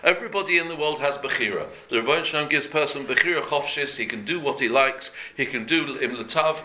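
A man's voice: medium pitch, fast talker, heavy background noise. A man teaching a daily Jewish law class in an earnest, conversational way, repeating and rephrasing each point as he explains it. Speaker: Torah teacher. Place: room before a talk.

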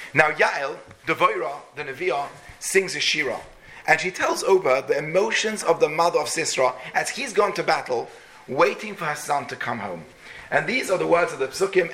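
Bright, high-pitched man telling a Torah story. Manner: dramatic, slows down for emphasis. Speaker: Torah teacher.

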